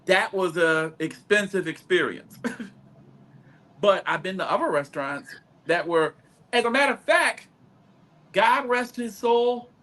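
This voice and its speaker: Chatty man with a lively voice. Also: high-pitched, a little slow, long pauses. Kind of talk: casual podcast chat.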